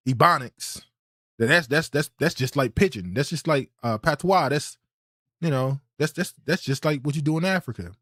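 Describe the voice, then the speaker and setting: A man delivers podcast reaction commentary in an indignant, blunt tone. He often repeats a word as he restarts his thought. His voice sits at a middle pitch and sounds dry, with no room around it. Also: fairly bright tone, no echo. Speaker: podcast host reacting to clips.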